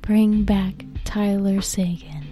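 A woman with a mid-range voice co-hosts a casual podcast. She talks at an unhurried, slow pace and teases her partner playfully. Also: medium pitch, loud music behind the voice. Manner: teasing and playful. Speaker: podcast co-host. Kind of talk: casual chat.

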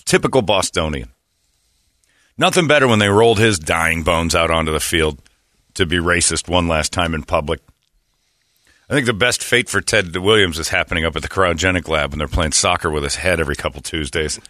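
A man's voice: sits low, a little fast, pushed and bright, no room sound. A man hosting a morning radio show, ranting and mocking in casual banter. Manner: brash, mocking, ranting, slips into put-on voices. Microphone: studio microphone. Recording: dry studio sound.

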